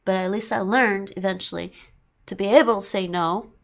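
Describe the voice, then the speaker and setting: A woman streamer chatting casually at the end of a stream, drifting and circling back on her points with frequent laughs. Her voice carries a gravelly vocal fry at mid pitch. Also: steady tone, normal speed. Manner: rambling, repeats herself, laughs often.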